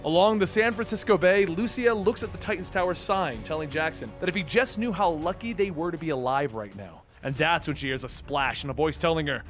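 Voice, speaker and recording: A man's voice: a little high, fairly quick, hardly any pauses, faint music behind. A man narrating a comic book story as a recap storyteller.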